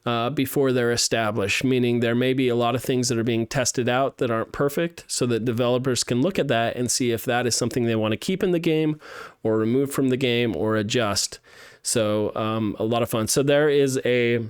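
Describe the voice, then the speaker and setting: A man's voice: medium pitch, moderate pace, clear, resonant tone, dry recording, clean studio sound. A man streaming a live playtest of student games, thinking aloud with lots of fillers and restarts as he gives feedback. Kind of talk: live game playtest commentary.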